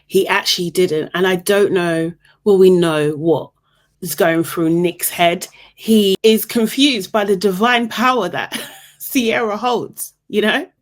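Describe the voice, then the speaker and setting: A woman's voice: medium pitch, slow pace. A young woman hosting a casual reality TV recap, sarcastic and exasperated, often laughing as she talks.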